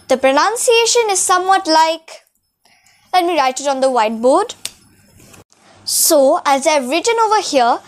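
A woman's voice: very high voice, lively intonation, a little slow. A woman teaching French to beginners, speaking carefully and drawing out example words, in a room with a whiteboard. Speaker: French tutor. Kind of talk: beginner language lesson.

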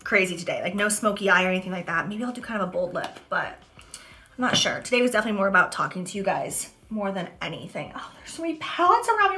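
Here a medium-pitched, sharp-toned female voice belongs to a beauty vlogger getting ready on camera. Applying makeup, she speaks candidly and emotionally, her talk earnest and confessional as she addresses viewers.

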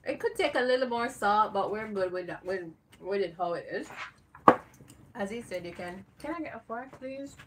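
A woman's voice: medium pitch, expressive, normal speed. A woman co-hosting a cooking livestream, reading out viewer comments and teasing her partner. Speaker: co-host. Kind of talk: casual livestream chat. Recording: background noise.

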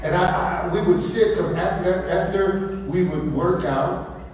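A man's voice: high voice, a little mellow, slight background noise. An American man, a gospel singer, testifying to a church congregation in an exuberant, preacherly way. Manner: exuberant, preacherly, quick bursts with laughter. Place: large church sanctuary before a congregation. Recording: echoey church hall, distant mic, crowd.

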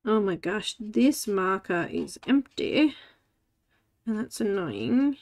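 A woman's voice: mid-range voice, very animated, slow. A woman in her forties hosting a live coloring stream, chatting casually, talking to herself and greeting viewers by name. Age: 40s. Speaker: livestream host. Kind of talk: casual chat while coloring.

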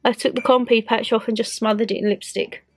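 A woman's voice: a little high, fairly even intonation, quick pace. A young woman with a Northern English accent, chatting casually and giggling at herself in a home vlog. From Northern England. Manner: chatty, giggly, self-mocking. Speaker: vlogger.

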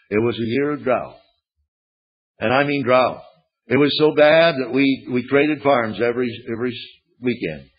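Older preacher on a dull old tape. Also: male voice, lowish voice, breathy edge. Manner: folksy storytelling, plainspoken humor. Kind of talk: sermon with storytelling. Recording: dull lo-fi archival sermon tape.

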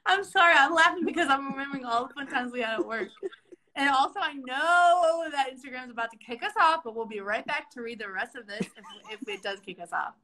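Bubbly, high-voiced woman hosting a comedy stream. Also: lively intonation, fairly quick, sharp tone, slight background noise. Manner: bubbly, chipper and mock-cheerful, breaking into laughter. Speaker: comedy host playing a Disney World career orientation leader. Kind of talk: improvised comedy sketch on a live stream.

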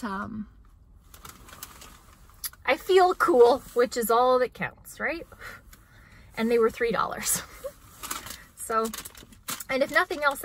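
A woman in her thirties chatting casually in a haul vlog, self-mocking and quick to laugh. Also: a little high, a bit bright, a little hiss or hum, rough recording. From United States. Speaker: vlogger.

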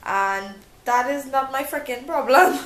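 A woman's voice: high-pitched, a little slow, a bit bright. Chatty young woman vlogging. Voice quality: self-described pompous-sounding accent. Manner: chatty, rambling, many ums and trailing restarts. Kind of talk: casual chat to camera. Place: living room at home. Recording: roomy room with faint background noise.

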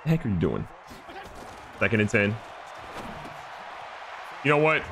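Guy yelling and joking over his football game, pitch all over the place, bit of faint noise. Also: measured pace. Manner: animated, joking, trash-talking. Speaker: gaming YouTuber. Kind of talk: excited gameplay commentary.

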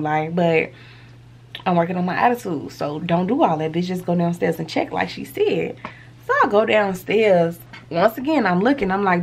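Sitting indoors at home, a woman vlogger does a casual story time for the camera, full of energy, slang, and swearing. She speaks at medium pitch and a normal speed.

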